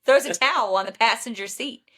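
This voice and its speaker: A woman in her thirties hosting a podcast, telling a story in a blunt, animated way and laughing often. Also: on the high side, brisk. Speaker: podcast host and Enneagram coach. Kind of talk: casual storytelling chat.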